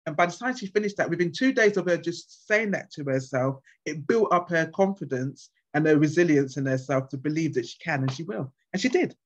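A woman guest speaker at a conference, answering questions with passionate, animated stories. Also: low-pitched, fairly quick, few pauses. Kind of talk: conference Q&A with anecdotes. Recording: dull lo-fi sound.

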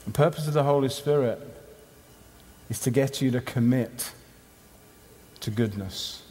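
A man's voice: medium pitch, measured pace, a little mellow. A man giving a conference sermon, emphatic and rhythmic, in short punchy phrases. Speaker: conference speaker. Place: conference hall. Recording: long hall reverb.

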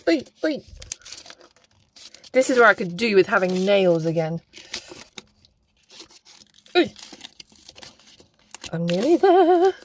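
A woman's voice: a little high, a little hiss or hum. A young woman chatting casually as she unboxes stationery, gushing and exclaiming often.

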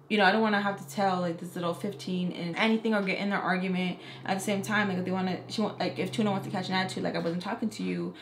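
A woman's voice: mid-range voice, a little hiss or hum. A young woman makeup artist telling a casual storytime, chatty and profane, acting out the people she quotes. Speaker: makeup artist and beauty vlogger. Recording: echoey room.

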